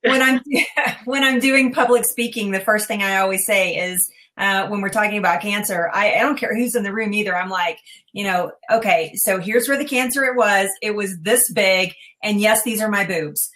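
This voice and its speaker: A woman's voice: mid-range voice, normal speed, a bit bright. A woman, a breast cancer survivor, telling frank, chatty stories in a casual panel talk.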